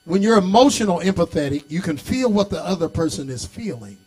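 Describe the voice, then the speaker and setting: A middle-aged man preaching a sermon as bishop, folksy and direct with the congregation, rising from easy storytelling into shouted, sing-song preaching. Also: sits high, expressive, fairly quick. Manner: folksy, talks back to the congregation. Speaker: bishop and pastor.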